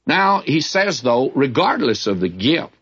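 An older man teaches scripture in a plain, middle-pitched voice, speaking in a candid, folksy way. The recording sounds somewhat muffled and lo-fi, like an old broadcast tape. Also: very animated, a little slow, fairly bright tone, breathy edge. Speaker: Bible teacher. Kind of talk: Bible teaching sermon. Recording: dull lo-fi recording.

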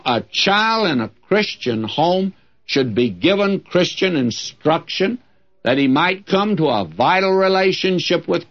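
An older man preaching a sermon as a pastor, folksy and humorous, quoting scripture. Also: on the high side. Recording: dull lo-fi old recording.

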